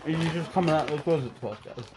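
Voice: medium pitch, racing. A friend chatting casually, teasing the others and swearing freely. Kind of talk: casual chat among friends.

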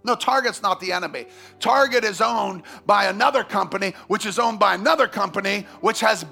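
A man preaching a sermon as pastor, swinging from loud, fervent emphasis to quiet asides. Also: high-pitched, a little fast, creaky, soft background music.

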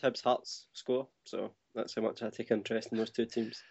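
A man co-hosting a casual podcast chat, measured and hesitant. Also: on the low side, little pitch movement, creaky, a little mellow, husky, muffled recording. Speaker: co-host.

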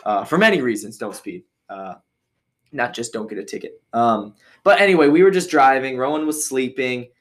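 A man's voice: medium pitch, animated, moderate pace. A man from Michigan hosting a podcast, telling a story casually and rambling with many fillers and restarts. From Michigan, USA. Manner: acts out others' voices when quoting. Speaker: podcast host.

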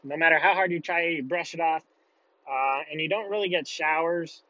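Speaking at a moderate pace, a young man with a fairly high, bright voice delivers a casual, blunt story in a forceful tone, with frequent swearing. The lo-fi recording sounds dull, dry and close, with no room sound.

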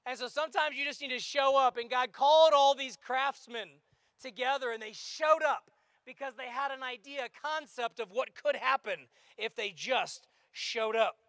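A male pastor preaching a lively sermon, sometimes shouting out acted-out lines. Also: extremely high pitch, normal speed, dry recording.

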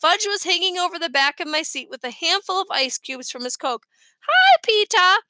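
Woman narrator for a kids' book, expressive, bright high voice. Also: a little fast, dry recording. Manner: lively expressive storytelling. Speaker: reader. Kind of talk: audiobook narration.

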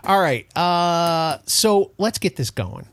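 Animated man telling a podcast story. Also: fairly high pitch, takes it slowly, smooth, no room sound. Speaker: co-host. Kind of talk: casual podcast banter.

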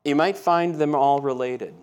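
A man's voice: fairly high pitch, normal speed, darkish tone, smooth. A man preaching a sermon as pastor, telling everyday stories in a conversational way and often checking in with the congregation. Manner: conversational storytelling, asks the congregation questions. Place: church.

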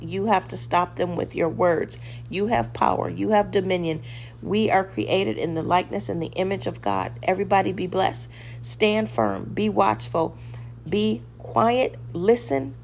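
A woman hosting a devotional podcast delivers a short sermon, firm and exhorting, repeating brief commands and acting out a weak, hesitant voice for her examples. Her medium-pitched voice has a darkish tone, with slight background noise.

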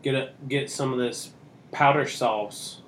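A man's voice: medium pitch, fairly even intonation, unhurried, a bit bright, echoey room. A man co-hosting a podcast in casual chat, joking around and swearing freely. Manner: profane, joking, rowdy. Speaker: podcast co-host.

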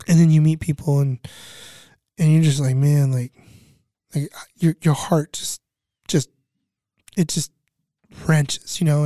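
A man's voice: a little high, gravelly, dark tone, no room sound, studio quality. A middle-aged man from California telling a story in casual chat, rambling and repeating himself, acting out other people's voices. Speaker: guest recounting flood relief work.

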